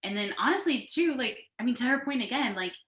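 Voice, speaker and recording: Woman, animated casual chat, bright voice, echoey room, video call. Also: a little high, fast. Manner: animated, talkative, frequent "like" fillers. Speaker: co-founder and co-host of a design panel. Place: home, sitting on a couch.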